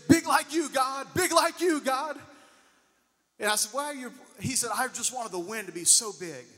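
Male preacher, high bright voice, long hall reverb, questioning congregation. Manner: preaching, rising and falling emphasis, asks the congregation questions. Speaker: pastor. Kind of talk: sermon.

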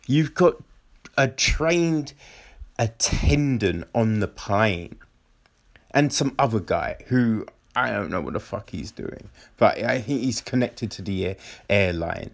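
A man giving a profane, exasperated review of a show, mocking its characters in high put-on voices. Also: sing-song, slow. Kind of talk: ranting casual review.

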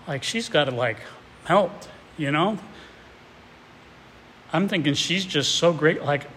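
A man's voice: high-pitched, expressive, measured pace, long pauses, fairly bright tone. A man preaching a sermon in a conversational, reflective way, with hesitant restarts, sometimes reading a passage aloud. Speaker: pastor. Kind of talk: expository sermon with a read-aloud excerpt. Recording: distant voice with hall reverb and faint noise.

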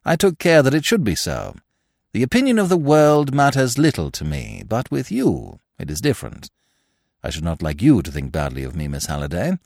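A man voicing a suave, verbose young gentleman in a storybook reading, speaking in ornate, grave, mock-sincere sentences. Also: medium pitch, huge pitch swings, normal speed, vocal fry, dry recording, studio quality, full character voice. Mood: mock-solemn.

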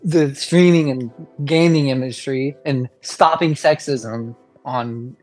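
A podcast co-host in casual chat, animated and laughing. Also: medium pitch, slow pace, faint music behind.

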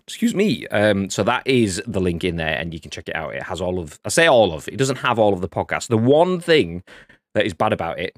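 A man's voice: sits low, dry recording, clean studio sound. A man co-hosting a video game podcast, joking and bantering casually and swearing freely. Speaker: podcast co-host. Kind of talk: casual live-stream chat.

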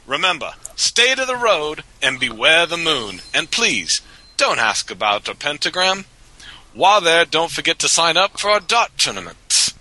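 Brief: man putting on a snooty, drawn-out pub announcer voice, pitched up, bright tone. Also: big pitch swings, full character voice, rough recording. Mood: mock grand. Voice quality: put-on fancy accent, drawn out. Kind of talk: mock sponsor read.

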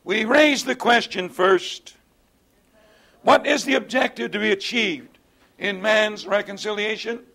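A man's voice: sits high, a little slow, gravelly, bright, forceful tone. A man teaching a Bible study in an earnest lecturing way, often asking rhetorical tag questions of his listeners.

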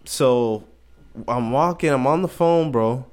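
A young man co-hosting a podcast, telling a story in an animated way, full of slang and constant check-ins. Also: medium pitch, takes it slowly, smooth. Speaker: podcast co-host. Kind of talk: casual chat.

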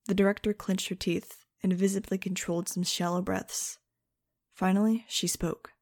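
Gravelly, wisecracking female audiobook narrator. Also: medium pitch, flat delivery, normal speed, a little mellow, dry recording. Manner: sarcastic, wisecracking and conversational. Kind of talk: first-person audiobook narration.

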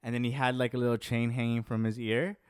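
A man's voice: medium pitch, level tone, quick pace, clear, resonant tone, no echo, clean studio sound. A man talking casually and rambling, with many "like"s and "yo"s. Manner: rambling, heavy use of "like" and "yo". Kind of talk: casual chat.

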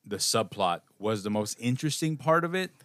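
A man co-hosting a podcast, reviewing a film in casual banter, animated and profane, with a lot of halting restarts. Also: medium pitch, no room sound, studio quality. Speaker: podcast co-host.

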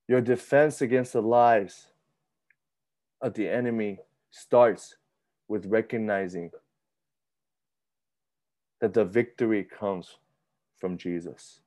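A man in his thirties preaching a sermon in a conversational, animated way, often repeating himself and acting out his own thoughts. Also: on the low side, slow, long pauses. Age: 30s. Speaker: pastor.

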